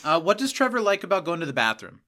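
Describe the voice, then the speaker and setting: A man co-hosting a podcast in relaxed trivia chat. His voice is bright and slightly high, and his pitch swings a lot. He laughs often and sounds animated. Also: quick pace. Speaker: podcast co-host.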